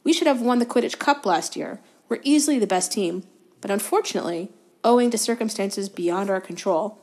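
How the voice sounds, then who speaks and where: A woman reading aloud and voicing a driven teenage boy team captain who is quick to anger, talking forcefully and indignantly in a raised, higher voice. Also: close to an everyday voice. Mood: stern.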